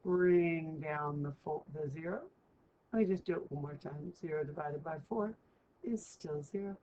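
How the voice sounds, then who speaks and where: A woman teacher with a deep, warm voice and moderate pace walks students through math. She's chatty and frequently checks in by asking "right?", and the recording sounds muffled and lo-fi with faint hiss.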